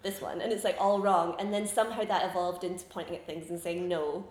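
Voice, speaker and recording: A woman in her twenties chatting casually in an interview, rambling and giggling through animated stories. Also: lowish voice, fast, reverberant. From Scotland. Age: 20s. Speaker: comedian guest.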